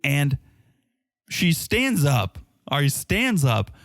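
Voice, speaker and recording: A man's voice: on the high side, very animated, slow pace, a bit bright, no room sound, clean studio sound. A man co-hosting a podcast in casual chat, telling stories animatedly and acting out the quotes. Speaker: podcast co-host. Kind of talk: casual chat recapping a reality show.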